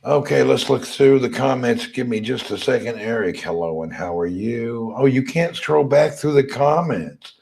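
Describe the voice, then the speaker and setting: Southern American man host, slightly hoarse, easygoing livestream chat, mid-range voice. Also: medium pitch, lively intonation, normal speed, few pauses, a little mellow, slight background noise. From Tennessee, USA. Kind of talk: casual live chat reading comments.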